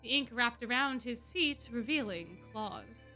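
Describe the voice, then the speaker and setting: A woman streamer reading fan fiction aloud in an expressive way. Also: a little high, unhurried, faint music behind. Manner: expressive, laughing asides.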